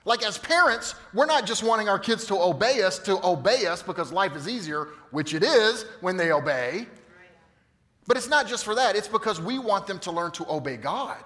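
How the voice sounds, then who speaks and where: A pastor in his fifties preaches a sermon in animated storytelling style, swinging from loud, emphatic bursts to quiet, hushed moments at a normal speed. His voice sits slightly high for a man, and a large hall's long reverb trails after his words.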